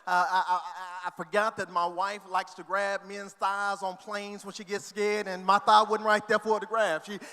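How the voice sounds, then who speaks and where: Pastor, man, high bright voice, rising to shouted preaching, echoing church hall. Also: flat delivery, normal speed, few pauses, smooth. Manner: builds from quiet scripture reading to shouted preaching. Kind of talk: sermon. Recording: long reverb of a church hall.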